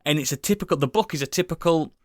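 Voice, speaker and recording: A man's voice: on the high side, racing, no echo. Rambling, sweary man on a dry mic. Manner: rambling, enthusiastic, swears a lot, many fillers. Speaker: podcast co-host. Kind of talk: casual chat.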